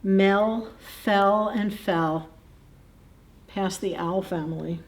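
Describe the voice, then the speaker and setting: A woman's voice: medium pitch, very slow, a little hiss or hum. A woman librarian reading a picture book aloud at a children's story time, in a playful, chatty way, chuckling and asking the kids questions.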